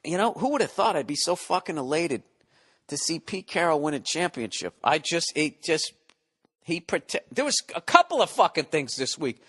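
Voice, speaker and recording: A man's voice: fairly high pitch, sing-song, normal speed, a bit bright, husky. A man in his forties hosting a podcast, ranting casually with lots of profanity and rambling restarts. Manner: profane, rambling, mock-exasperated. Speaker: podcast host. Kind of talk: casual comedic rant.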